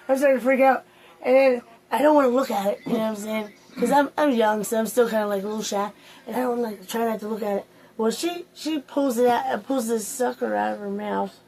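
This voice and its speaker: A woman hosting a casual story time, rambling along with crude language and loose asides among her friends. Her voice sits a touch high. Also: quick pace, a little mellow, low-quality recording. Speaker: host.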